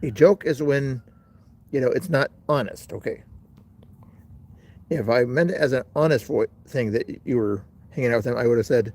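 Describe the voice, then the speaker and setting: A man's voice: medium pitch, normal speed, a little mellow. A middle-aged man hosting a casual livestream outdoors, rambling and talking straight to his chat. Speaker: livestream host.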